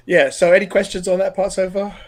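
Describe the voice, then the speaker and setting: A middle-aged Australian man telling a personal story in an interview, earnest and animated, often restarting sentences. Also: high-pitched, brisk. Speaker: podcast guest.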